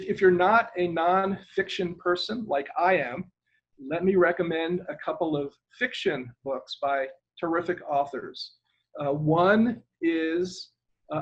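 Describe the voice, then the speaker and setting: An older man from Ireland speaks as an interview guest in a rambling, hesitant way, stopping now and then to spell out a name. His voice sits a little high for a man and has a husky edge. The sound is dull and lo-fi, like an ordinary video call. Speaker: guest, retired government lawyer.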